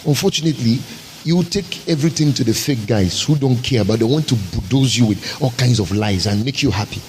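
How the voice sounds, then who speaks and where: A man's voice: medium pitch, brisk, noisy background. A man pastor, preaching a sermon with emphatic, rhetorical repetition.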